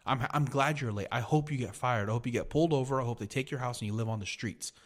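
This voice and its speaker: A man's voice: medium pitch, quick pace. Profane man ranting on a podcast. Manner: profane, heated storytelling. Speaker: podcast host. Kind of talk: casual podcast rant.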